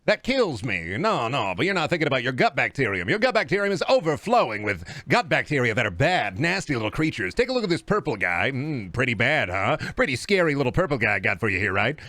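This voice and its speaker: A man voicing a smooth, wheedling old-timey male salesman pushing a dubious cure. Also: sing-song, fast talker, few pauses, sharp tone, no room sound. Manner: smooth, wheedling pitchman patter. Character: fast-talking old-timey male snake-oil salesman.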